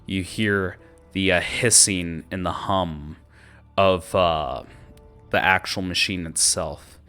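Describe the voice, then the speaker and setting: Male game master, low and bright-toned, relaxed narration with frequent pauses. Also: smooth, faint music behind.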